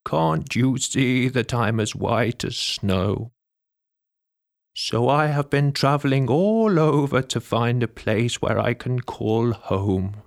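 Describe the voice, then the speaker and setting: A man's voice: medium pitch, slow, gravelly, no room sound, studio quality, voice pushed up. A man voicing a sad little lamb. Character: sad young female white sheep.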